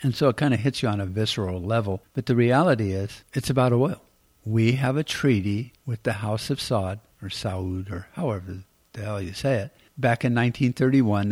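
A man's voice: lowish voice, a little mellow. A middle-aged American man hosting a podcast, giving rambling, blunt political commentary and swearing freely. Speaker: podcast host.

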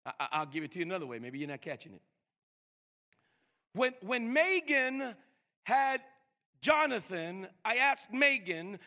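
An older man preaching a sermon, stammering and repeating words, swinging from loud emphasis to hushed slow lines. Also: high voice, big pitch swings. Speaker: pastor.

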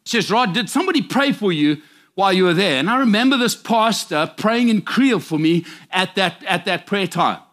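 A man with a notably high voice preaches with emphatic, direct warnings to his congregation. He is middle-aged and from South Africa, and he delivers his sermon in a plain, urgent way. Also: expressive, a little fast, fairly bright tone.

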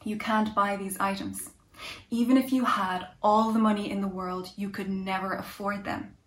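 A woman voicing a calm, kind, resolute man with scarred hands, speaking in a hushed, gentle way. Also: mid-range voice, normal speed, close to an everyday voice. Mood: gentle, steady. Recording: echoey room.

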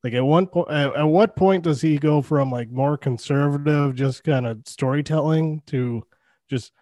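A man's voice: fairly high pitch, normal speed, mellow, dry recording. A man co-hosting a podcast, talking casually about films in rambling sentences full of "like", with frequent laughs. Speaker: podcast co-host. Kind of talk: casual movie chat.

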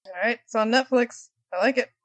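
A woman's voice: fairly high pitch, a little fast, no echo. A woman co-hosting a podcast in casual chat, with a dry, sarcastic wit. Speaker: podcast co-host and editor.

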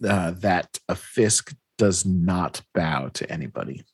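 Husky man animatedly recapping a comic. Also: deep voice, slow, no echo. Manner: animated retelling, acting out characters' lines, laughs often. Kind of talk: casual chat.

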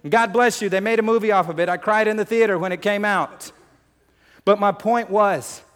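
A man preaching a sermon, emotional, shifting between loud urgency and hushed confession, talking to the crowd as folks and family. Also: high voice. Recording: long hall reverb.

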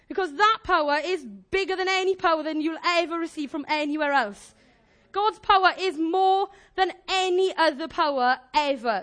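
A woman preaches to her congregation in a lively, jokey way, acting out her points with props and volunteers. Her voice sits very high, bright and animated throughout. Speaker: church speaker. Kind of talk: informal sermon with live demonstration.

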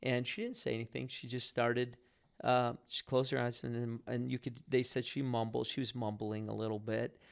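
A man's voice: mid-range voice, moderate pace, creaky. A man talking casually about prayer and faith, telling stories with many restarts. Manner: animated storyteller with frequent restarts.

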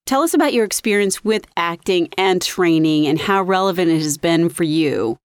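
A woman's voice: on the low side, animated, smooth, no room sound, clean studio sound. Enthusiastic woman hosting a podcast. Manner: enthusiastic, quick reactions. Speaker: podcast host. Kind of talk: casual interview chat.

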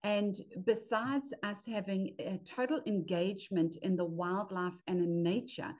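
A woman's voice: mid-range voice, steady tone, a little slow, darkish tone, dull audio. Upbeat woman guest from South Africa. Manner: enthusiastic, upbeat, laughs often. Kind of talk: casual chat.

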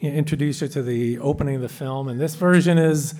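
A man's voice: on the high side, fairly quick, a little mellow. Man addressing a convention audience. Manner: addresses audience directly, hesitant. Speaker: panelist. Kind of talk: live convention panel talk. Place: convention panel room.

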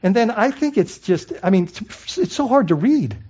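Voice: mid-range voice, very animated, normal speed, warm tone, slightly rough, dull audio. A pastor preaching a sermon in a conversational way, asking the congregation rhetorical questions and often adding "I mean" and "right?".

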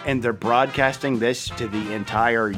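A man's voice: medium pitch, steady tone, measured pace, music in the background. A man co-hosting a podcast, casually recapping a cartoon episode with dry sarcastic asides and rhetorical questions. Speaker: podcast co-host.

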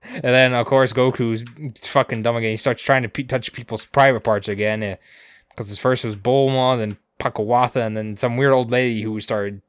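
A man's voice: medium pitch, steady tone, normal speed, clear, resonant tone, no echo. A man co-hosting a podcast, recapping an episode in a rambling, crude way full of swearing and asides. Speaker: podcast co-host.

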